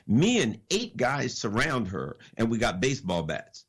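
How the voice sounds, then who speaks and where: Animated husky man, preachy commentary. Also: medium pitch, a little slow, few pauses. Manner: animated, preachy, rhetorical questions, repeats phrases. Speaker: political analyst guest. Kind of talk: impassioned radio commentary.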